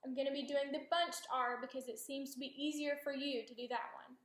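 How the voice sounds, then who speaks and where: A woman's voice: high voice, level tone, fairly quick, a bit bright. A woman speech therapist giving patient, encouraging instructions in a clinical demonstration. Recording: roomy echo.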